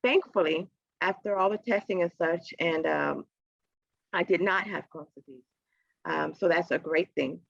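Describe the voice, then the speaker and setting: A woman, a podcast guest, telling a personal story in a casual interview. She acts out the voices in her story with big jumps in pitch and often laughs as she talks. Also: normal speed, creaky, breathy edge, no room sound. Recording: dry, slightly dull podcast audio.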